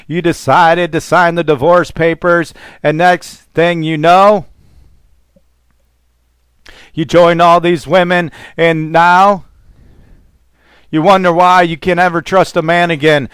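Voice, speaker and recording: A man's voice: on the high side, little pitch movement, measured pace, fairly bright tone, clean tone, no echo. A man preaching as a pastor, fervent and rambling, with call-and-response exclamations to his listeners. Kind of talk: preaching sermon.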